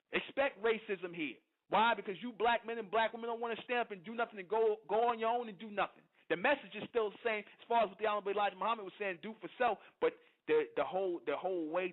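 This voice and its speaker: A man hosting an internet radio show, delivering a fiery, confrontational monologue and constantly asking his listeners if they understand. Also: sits high. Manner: preachy and confrontational, keeps asking "you understand?". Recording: tinny phone-line audio.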